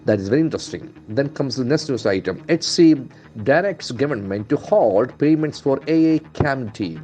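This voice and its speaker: A man's voice: medium pitch, animated, normal speed, mellow, faint music behind. A man from India, an English trainer, going through newspaper headlines in a lesson, spelling words letter by letter and repeating their pronunciation.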